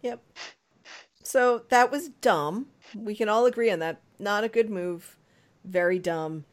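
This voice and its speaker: A woman co-hosting a casual sports podcast, chatty and emphatic as she recaps a game. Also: mid-range voice. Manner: chatty and emphatic, quick laughs. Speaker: podcast co-host.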